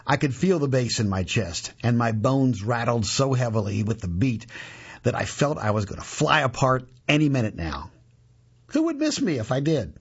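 A man narrating a gritty first-person story in an expressive way, moving from punchy to hushed, on a dull lo-fi recording. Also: medium pitch, moderate pace, husky.

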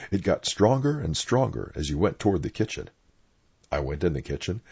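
Gravelly older man telling blunt stories. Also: sits low, darkish tone. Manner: blunt, opinionated storyteller. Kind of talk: oral history reminiscence. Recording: dull lo-fi recording.

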